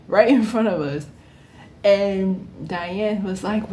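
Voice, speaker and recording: A woman in her thirties telling a casual story, animated and often laughing as she acts out the people in it. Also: medium pitch, slow. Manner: animated, acts out quoted voices. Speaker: vlogger.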